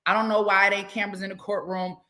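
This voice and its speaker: A woman hosting a live talk show, chatting casually with her audience in an animated, exclamatory way. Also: mid-range voice, quick pace. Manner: animated, exclamatory, laughing asides. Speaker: show host.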